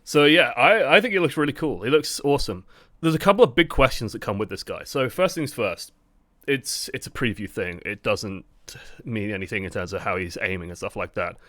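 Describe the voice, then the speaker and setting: A man streaming and chatting casually about a game, animated and full of "like" fillers. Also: medium pitch, a little fast, dry recording. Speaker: gaming streamer. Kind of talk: casual gaming chat.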